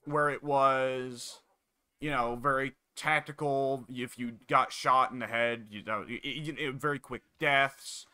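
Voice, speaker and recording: A man's voice: medium pitch, steady tone, unhurried, sharp tone, clear, resonant tone, no echo. A man chatting casually with a friend while gaming, rambling with frequent fillers. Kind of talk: casual chat.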